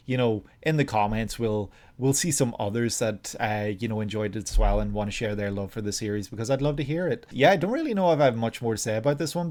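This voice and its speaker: A man's voice: medium pitch, a little mellow. A man hosting a reaction video, thinking aloud in casual commentary with frequent hesitations.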